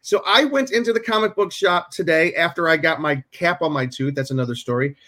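A man hosting a podcast by video call speaks a little fast, his voice on the high side, bright and forceful. In casual conversation he tells stories that ramble, often breaking off and beginning again. He sits in a room at home with shelves.

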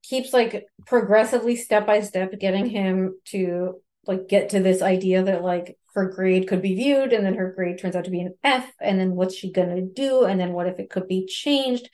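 A woman's voice: medium pitch, moderate pace, few pauses, a little mellow. A woman co-hosting a podcast, talking in a loose, chatty way and leaning on "like" as she retells a story. Her tone is breezy and comedic. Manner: chatty, peppered with "like". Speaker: podcast co-host. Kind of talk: casual comedic book recap.

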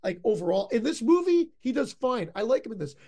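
A man co-hosting a podcast in casual film talk, enthusiastic and halting as he retells favorite jokes. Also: very high-pitched, sing-song, a little mellow. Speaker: podcast co-host. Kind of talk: casual movie review chat.

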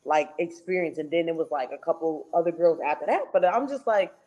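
A woman's voice: low-pitched, expressive, a little fast, mellow. A young woman co-hosting a podcast, telling stories in a rambling, hesitant way. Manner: rambling, hesitant, heavy with "like" and "um" fillers. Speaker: podcast co-host. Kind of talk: casual chat.

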